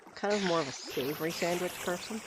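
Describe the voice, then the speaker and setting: A streamer from Canada talks through a game in loose, casual commentary. The voice sits at a middling pitch, wandering from thought to thought with easy giggles. A loud, steady wash of noise runs under everything. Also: quick pace. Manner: rambling, giggly, thinking aloud. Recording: loud constant background noise.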